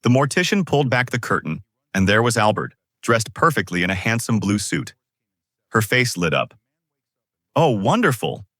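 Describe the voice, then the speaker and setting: A man reading jokes as a lively storyteller. His voice sits lowish but sounds bright, with big swings in pitch. The sound is dry and close. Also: moderate pace, no room sound. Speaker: joke narrator. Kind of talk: scripted joke narration.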